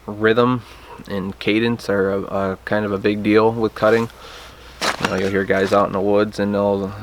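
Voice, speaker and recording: A man's voice: on the low side, a bit bright, a little hiss or hum. A man casually teaching a hands-on technique, plainspoken and hesitant, often restarting his sentences. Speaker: turkey call instructor. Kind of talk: casual how-to demonstration.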